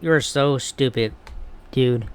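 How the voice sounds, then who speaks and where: A man with a smooth, resonant voice at an ordinary middle pitch, ranting in a casual wrestling commentary vlog. He is blunt and heated, swearing freely as he talks. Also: takes it slowly.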